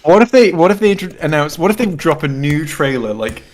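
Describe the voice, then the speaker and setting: A man's voice: a little high, sing-song, fairly quick. A man co-hosting a casual writing session, thinking aloud eagerly with many fillers and restarts. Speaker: co-writer and co-host. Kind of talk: casual brainstorming chat.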